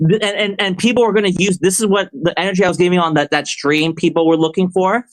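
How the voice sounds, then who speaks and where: A man with a slightly high voice talks on a livestream, rambling, stumbling over his words and restarting often. When he rants, his tone turns heated and confrontational. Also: steady tone, fast, rough recording. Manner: rambling, with many restarts and stammers. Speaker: livestream guest answering a question. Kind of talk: casual livestream chat.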